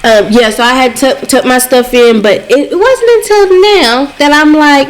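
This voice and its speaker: A woman's voice: high voice, normal speed. A young woman co-hosting a casual podcast chat with friends, speaking candidly, laughing often and using slang and profanity. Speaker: podcast co-host.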